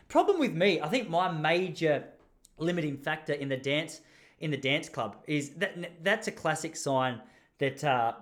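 A young Australian man with a fairly high-pitched voice talks on his podcast in a loose, rambling way. He jokes his way through stories in casual chat. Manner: rambling, jokey, animated storytelling with laughs. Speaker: podcast host.

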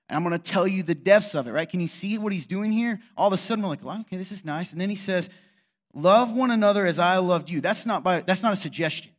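Middle-aged man, pastor, conversational sermon delivery, slightly raised pitch, rhetorical and wry. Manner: conversational, with rhetorical questions and sarcastic asides.

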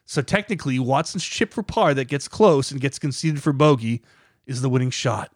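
A man's voice: medium pitch, expressive, normal speed, slightly rough, no echo, clean studio sound. A man hosting a podcast, reading scripted documentary narration with a dramatic, building emphasis. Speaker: podcast host.

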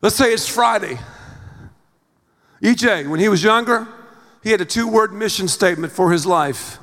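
A middle-aged male pastor preaching a sermon in a theatrical, animated way, acting out everyday scenes. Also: high-pitched, moderate pace, pauses often. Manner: animated, theatrical, acts out scenes with big swings in loudness. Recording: long reverb of a large hall.

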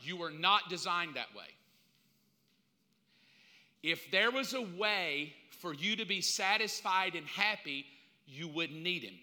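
A man preaching a sermon in an animated way, swinging between loud and hushed delivery. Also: high-pitched, slow pace, long pauses. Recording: long hall reverb.

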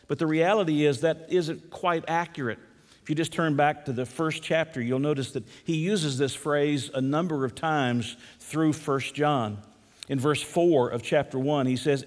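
A man's voice: mid-range voice, a little slow, big-room sound. A male pastor preaching a sermon, opening in prayer, telling light stories and teaching through scripture verse by verse. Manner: prayerful, then storytelling and teaching.

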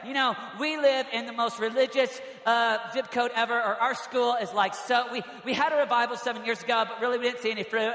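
A young man preaching an energetic youth sermon, emphatic and often raising his voice to a shout. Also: very high voice, fairly quick, few pauses. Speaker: youth pastor. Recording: echoey large hall.

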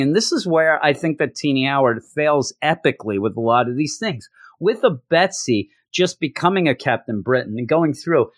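A man casually reviewing a comic, joking and acting out characters' lines in quick voices. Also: medium pitch, dry recording, clean studio sound. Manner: animated, jokey, acts out characters in quick voices. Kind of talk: casual solo review chat.

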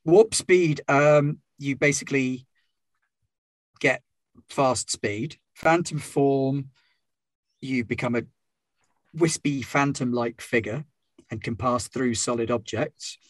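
A man narrating and explaining rules as game master of a tabletop game, measured and calm. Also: medium pitch, no room sound.

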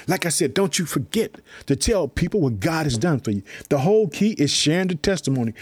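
A man preaches with a slightly husky, rather high voice that leaps up and down as he gets excited. He reads scripture slowly, then breaks in with eager asides to his listeners. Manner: hyped, repeats "let me tell you something" and "guess what", calls listeners family. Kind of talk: energetic devotional preaching.

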